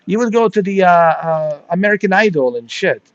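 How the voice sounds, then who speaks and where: A man's voice: high voice, animated, brisk, dull audio, crowd noise. A man ranting crudely and mocking someone in casual chat, laughing often as he goes. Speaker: gaming streamer.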